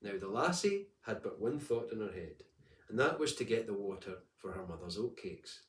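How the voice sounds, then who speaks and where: Man reading a folk tale in an echoey room. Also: lowish voice. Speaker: audiobook reader. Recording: echoey room, distant mic.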